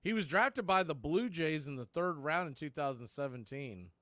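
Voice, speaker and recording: A man doing radio play-by-play of a baseball game from a studio, calling pitches in a steady, conversational way with background asides. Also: normal speed, no echo. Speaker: play-by-play announcer.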